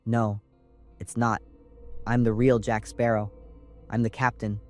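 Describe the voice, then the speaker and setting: A man's voice: on the low side, little pitch movement, measured pace, soft background music, lightly acted. A man voicing a drunk, menacing male pirate impersonator who slurs his words. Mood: slurred boastful. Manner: slurred, swaying drunk speech.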